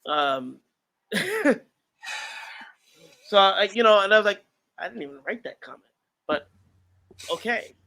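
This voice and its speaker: A man's voice: high-pitched, animated, unhurried, long pauses, sharp tone. A man co-hosting a casual podcast about writing, talking earnestly and reflectively with many fillers. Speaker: author and podcast co-host.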